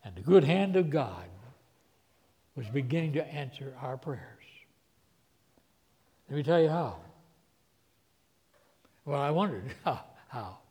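A man's voice: medium pitch, sing-song, slow, long pauses. Emotional man preaching in a reverberant hall. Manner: emotional, swings from hushed to loud. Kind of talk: sermon storytelling.

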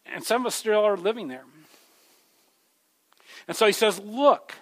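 A man's voice: high voice, lively intonation, moderate pace, fairly bright tone. A man preaching a sermon in a conversational way, calling his listeners folks and growing more emphatic as he urges them. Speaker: pastor.

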